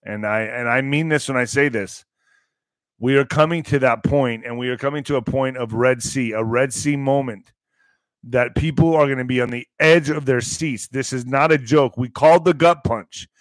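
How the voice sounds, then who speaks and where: With a medium-pitched voice at a moderate pace, a male host of a live online commentary show rambles excitedly and sometimes bursts into shouting. The recording has no room sound.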